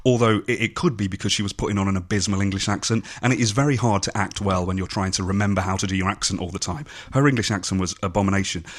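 Blunt low-voiced man reviewing films. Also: steady tone, fast talker, hardly any pauses. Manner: blunt, opinionated, swears freely. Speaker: podcast co-host. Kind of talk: casual film review chat.

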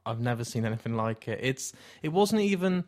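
A man's voice: medium pitch, animated, a little fast, a little mellow. A man in casual film chat, blunt and exaggerated, swearing freely.

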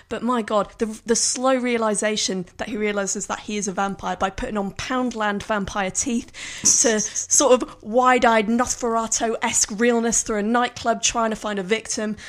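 A woman co-hosting a film podcast in a slightly higher voice. She talks animatedly, laughs often and breaks into theatrical outbursts. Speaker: podcast co-host. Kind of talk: casual film chat.

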